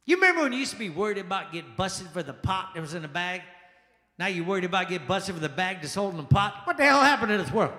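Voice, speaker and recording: A male stand-up comedian performing a lively set, exclaiming and acting out the people in his stories. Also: high voice. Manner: animated, exclamatory, acts out quoted people. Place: jazz lounge stage. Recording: echoey lounge with long reverb.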